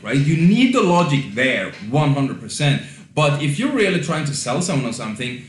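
A young man with a Swedish accent hosting a casual podcast, joking crudely and rambling with many restarts. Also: mid-range voice. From Sweden. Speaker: podcast host. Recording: echoey room.

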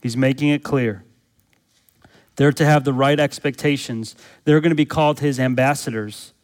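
Guy pastor preaching, mid pitch, keeps asking what you gonna do, repeats stuff for emphasis. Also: steady tone, normal speed. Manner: emphatic, rhetorical questions. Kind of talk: sermon.

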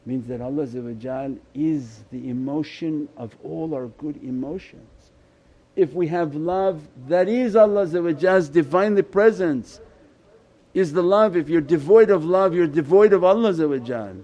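Male Sufi shaykh preaching a sermon: fairly high, mellow voice, impassioned and pleading. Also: moderate pace. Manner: impassioned, pleading, voice swells and drops.

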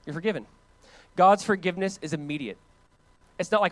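Animated pastor preaching. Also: male voice, high-pitched, fairly quick, no echo. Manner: animated, conversational preaching with sudden drops to quiet emphasis. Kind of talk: sermon.

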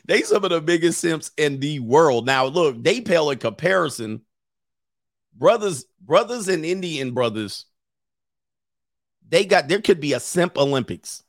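A man's voice: fairly high pitch, lively intonation, a little slow, no room sound, clean studio sound. A man in his thirties hosting an online commentary show, ranting brashly and laughing at his own jokes. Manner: brash, joking, laughs often. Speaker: streamer and commentary host. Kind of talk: casual commentary rant.

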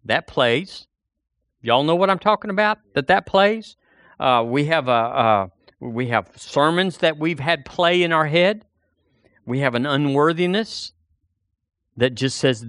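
A man preaching a sermon in church, animated and acting out a doubter's inner voice. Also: a little high, measured pace, no echo, studio quality. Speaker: pastor.

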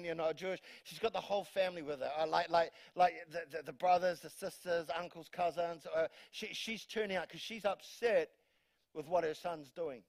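A man's voice: sits high, dry recording. A man preaching a sermon as a pastor to a church congregation, talking in a conversational, humorous way with frequent restarts. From New Zealand.

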